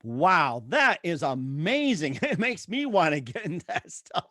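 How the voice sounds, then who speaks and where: A man's voice: a little high, very animated, a little slow, pushed and bright, no echo, clean studio sound. A man hosting a talk show, reacting playfully and asking casual questions. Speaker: host. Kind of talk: casual interview chat.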